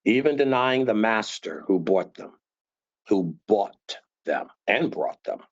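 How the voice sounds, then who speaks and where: A man teaching scripture conversationally, animated and acting out tones of voice to make his points. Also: on the low side, slow pace, dull audio. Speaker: Bible teacher.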